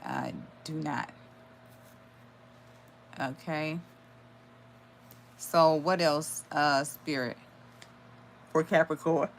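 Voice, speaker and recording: Low-voiced woman reading tarot live. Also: steady tone, extremely slow, pauses often, a little hiss or hum. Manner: channels aloud with sudden exclamations and swearing. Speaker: tarot reader.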